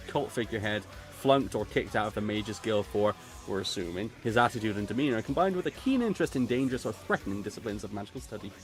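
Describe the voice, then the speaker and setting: A man from Gloucester, streaming and chatting in a sweary, rambling way. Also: mid-range voice. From England, Gloucester. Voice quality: sweary, rambling, laughs often. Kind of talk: casual chat while drawing.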